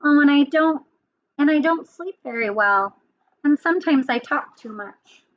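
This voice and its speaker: A woman voicing a jittery, chatty squirrel from a storybook with a bright, quick reading. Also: high-pitched, animated, dull audio, voice pushed up. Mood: nervous.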